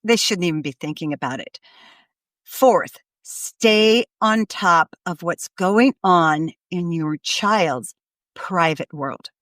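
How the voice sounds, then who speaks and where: A woman's voice: fairly low pitch, lively intonation, slow, a bit bright, no room sound, clean studio sound. A woman podcast host giving earnest parenting advice, coaching listeners and acting out what a parent should say. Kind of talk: advice monologue.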